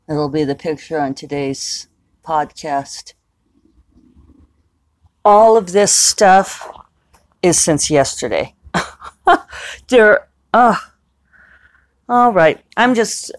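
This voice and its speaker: A middle-aged woman hosting a podcast, rambling casually and laughing at herself as she moves from her kitchen to outdoors. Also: low voice. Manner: chatty, self-amused, laughs often. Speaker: podcast host. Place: home kitchen, then outdoors.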